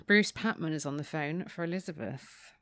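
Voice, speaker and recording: A woman's voice: deep voice, moderate pace, fairly bright tone, dry recording. A woman co-hosting a book podcast, recapping the plot and reading passages aloud with dry, mock-dramatic relish. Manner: reads quotes with dry, mock-dramatic relish, laughs often. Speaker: podcast co-host.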